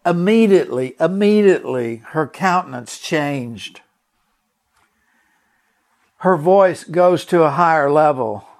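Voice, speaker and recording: A man's voice: fairly high pitch, lively intonation, takes it slowly, pauses often. A man preaching a sermon and telling a personal story in an earnest, emphatic way, often repeating words and asking his listeners direct questions.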